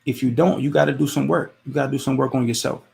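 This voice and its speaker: This podcast host has a gravelly, medium-pitched voice that stays steady and a little mellow while he talks fast. He offers casual advice in a motivational monologue, conversational but repetitive and preachy, full of rhetorical questions.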